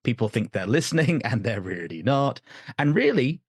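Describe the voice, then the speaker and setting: A man's voice: medium pitch, sing-song, normal speed, slightly rough, no echo. Chatty British man, dry close sound. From northern England. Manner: chatty, self-mocking, playful asides with put-on voices. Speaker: guest, author. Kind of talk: casual interview chat.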